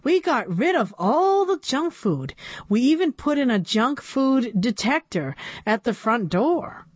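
A woman's voice: sits high, big pitch swings, a little slow, slightly rough, dry recording, voice pushed up, heavily acted. A woman reading aloud, voicing a flustered male school principal who nervously reassures his boss.

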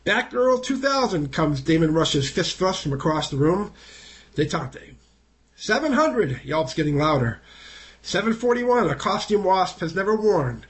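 High-voiced man reading a news feature. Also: normal speed. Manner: lively, lifts the voice for quoted speech and counted numbers. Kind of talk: reading a newspaper feature aloud.

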